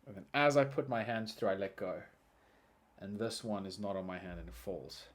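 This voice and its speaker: A man hosting a podcast who tells a story casually and animatedly, jumping from loud excited bursts to quiet muttering. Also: lowish voice, moderate pace. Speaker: podcast host.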